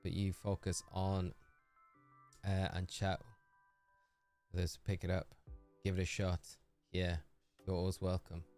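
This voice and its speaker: A gaming livestreamer from north-east England talks casually with his viewers in a lowish voice, his northeastern English accent clear the whole time. He laughs a lot, addresses people by name, and keeps a completely flat delivery at a measured pace with long pauses. The tone is clean, and faint music plays softly in the background.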